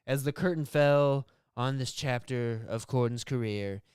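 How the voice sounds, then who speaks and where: A man's voice: medium pitch, clear, resonant tone, dry recording, studio quality. A man co-hosting a casual podcast, reading news headlines aloud and joking, laughing often. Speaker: podcast co-host.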